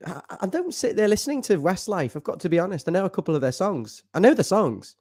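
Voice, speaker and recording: A man's voice: very animated, fast, a little mellow. Jokey man chatting. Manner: jokey, breaks into falsetto singing. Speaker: fan show co-host. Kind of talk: casual chat.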